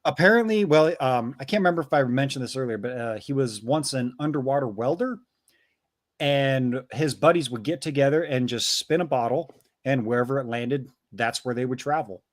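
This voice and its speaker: A man's voice: mid-range voice, normal speed, dry recording, studio quality. A man co-hosting a casual talk show, reading out viewer messages in an easygoing way. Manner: easygoing, reads out chat messages. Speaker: co-host reading viewer donations. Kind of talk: casual podcast banter.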